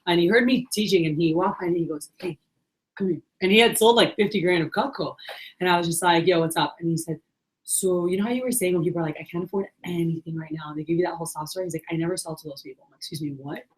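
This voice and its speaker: A woman leads a sales meeting and talks fast, without pausing. Her voice sits a little low. She acts out both sides of phone calls while she coaches her team. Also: poor audio. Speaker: sales manager. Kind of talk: sales training talk.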